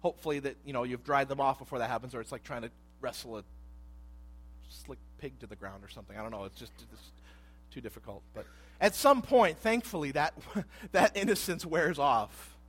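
A man in his thirties preaching a sermon, animated and conversational, dropping to hushed asides and rising to loud emphasis. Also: medium pitch, fairly quick, slightly rough. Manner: animated, acts out voices in quotes, swings between hushed asides and loud emphasis. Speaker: pastor.

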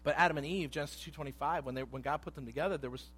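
Animated man preaching a sermon. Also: fairly high pitch, very fast, husky. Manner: animated, acts out voices in quotes, swings between hushed asides and loud emphasis. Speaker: pastor.

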